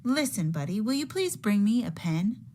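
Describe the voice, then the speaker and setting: A woman's voice: medium pitch, very animated, moderate pace, dark tone, a little hiss or hum, pitched above the performer's own voice, lightly acted. A woman voicing a patient, firm rabbit father in a storybook read-aloud, repeating insistently.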